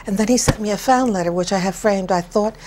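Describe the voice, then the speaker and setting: An older woman, a television director, reminiscing in an interview with unhurried, anecdotal storytelling and frequent chuckles. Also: mid-range voice, a little mellow, slight background noise.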